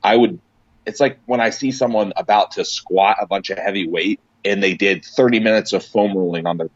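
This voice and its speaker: Deep voiced guy rambling on a podcast, lots of restarts, dry dull sound. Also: fairly quick, dry recording. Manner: rambling, emphatic, many restarts. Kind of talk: casual podcast chat.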